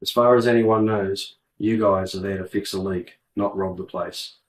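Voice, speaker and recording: A man's voice: sits low, fairly even intonation, normal speed, slight background noise, lightly acted. A man voicing a brash male crew leader in an audiobook, blunt and bossy. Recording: roomy, distant mic.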